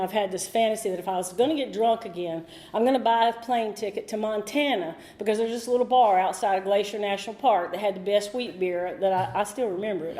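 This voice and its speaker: A woman's voice: medium pitch, a little mellow. A middle-aged woman from North Carolina, speaking candidly and a little ramblingly at a recovery meeting. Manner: candid, rambling, emotional at times. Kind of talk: personal recovery talk. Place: meeting room.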